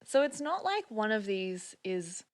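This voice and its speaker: A woman's voice: mid-range voice, very animated, a little slow. An Australian woman, a podcast guest, chatting casually and explaining things at length with frequent laughs. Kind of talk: casual chat.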